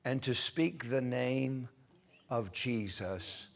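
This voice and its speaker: A middle-aged male preacher delivering a sermon, moving between loud, stretched-out declarations and quiet, hushed storytelling. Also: medium pitch, slow pace, vocal fry.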